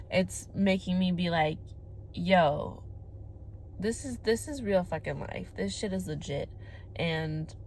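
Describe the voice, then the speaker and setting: A woman's voice: medium pitch, slight background noise. A woman in her twenties talking to camera in a candid girl-talk monologue, emphatic, with frequent swearing and "like" fillers. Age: 20s. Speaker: vlogger.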